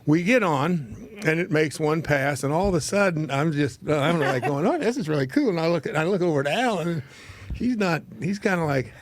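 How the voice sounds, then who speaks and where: A man's voice: on the high side, a little fast. Folksy older man spinning a yarn. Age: 70s. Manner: rambling, folksy, laughs at his own tales. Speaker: host. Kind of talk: casual storytelling on a talk show.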